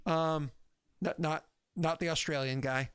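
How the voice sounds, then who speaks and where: A man's voice: on the high side, fairly even intonation, a little slow, a bit bright, smooth. A man running a tabletop game on a stream, rambling and chatty with plenty of filler words. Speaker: game master.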